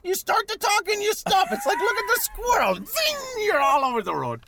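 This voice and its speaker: A man doing a goofy leprechaun with a very high, wildly swooping voice. He rambles and dodges questions, saying "Joe" again and again in an improvised comedy bit. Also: wildly swooping pitch, normal speed, vocal fry, over a noisy crowd, exaggerated voice. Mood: goofy, evasive. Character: silly male leprechaun with fake beard.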